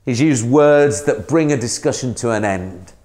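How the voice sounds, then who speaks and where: A man's voice: medium pitch, expressive, moderate pace, darkish tone. A man, a minister giving a sermon in a conversational way, asking the listener questions.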